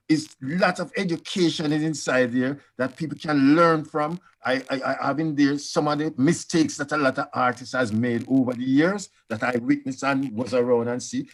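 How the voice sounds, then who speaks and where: Animated older Jamaican man telling stories. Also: mid-range voice. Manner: animated, acts out quoted voices. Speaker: panelist. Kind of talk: storytelling panel talk.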